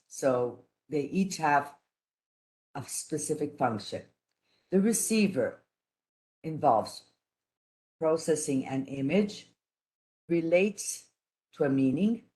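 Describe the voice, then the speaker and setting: A woman giving a teaching lecture, speaking in a careful, halting way with frequent restarts and pauses. She grew up speaking three languages at once. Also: low voice, darkish tone. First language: none, raised trilingual. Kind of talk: online lecture.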